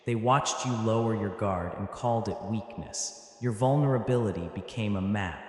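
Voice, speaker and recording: A man giving a dramatic motivational voice-over, slow and emphatic, in short clipped phrases with pauses. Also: on the low side, a little mellow. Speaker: narrator. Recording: heavy echo with long hall reverb.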